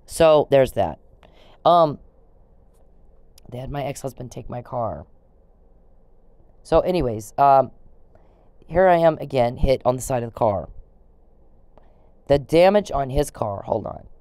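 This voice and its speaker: A woman's voice: rumbling low, lively intonation, unhurried, long pauses, warm tone, no room sound. A woman vlogging in a rambling, indignant to-camera rant, swearing freely.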